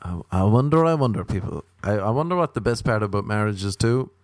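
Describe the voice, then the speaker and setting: A man doing a stand-up comedy routine, from Ireland, talking in a deadpan way with dry repetition and mocking acted-out quotes. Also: fairly low pitch, quick pace, no echo.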